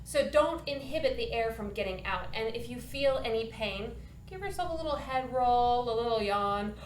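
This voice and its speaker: A woman's voice: a little high, animated, moderate pace, roomy sound, slight background noise. A woman teaching a children's singing lesson, upbeat and encouraging, demonstrating points with her own voice.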